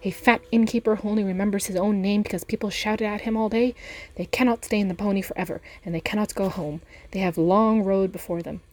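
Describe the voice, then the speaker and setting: A woman voicing a grim, watchful male ranger who speaks low and measured. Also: steady tone, a little mellow, lightly acted. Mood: grave.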